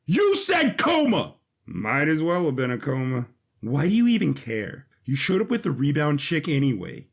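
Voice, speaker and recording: A man playing Skip, a hot-headed, bratty young man who speaks loud and whiny in a hobby audio drama. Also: medium pitch, very animated, normal speed, vocal fry. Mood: indignant.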